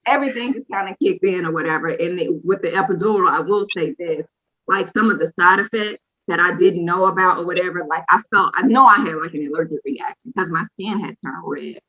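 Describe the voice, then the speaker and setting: A woman, co-hosting a casual chat and telling a lively personal story, acting out what people said. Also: on the low side, a little fast, lo-fi sound. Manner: lively storyteller who acts out quotes. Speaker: co-host sharing a personal story.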